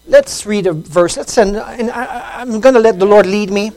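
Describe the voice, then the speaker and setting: A man's voice: moderate pace, no echo, rough recording. Male preacher, dry sound. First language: French. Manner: impassioned preaching, rising to loud high emphasis. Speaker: pastor. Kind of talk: sermon. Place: church service.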